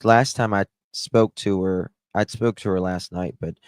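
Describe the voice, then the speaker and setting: A man's voice: sits low, steady tone, unhurried, smooth, no room sound. A tired man, chatting casually with his livestream viewers and greeting them by name. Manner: chatty, drawling, talks to chat by name. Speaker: livestream host. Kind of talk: casual livestream chat reading comments.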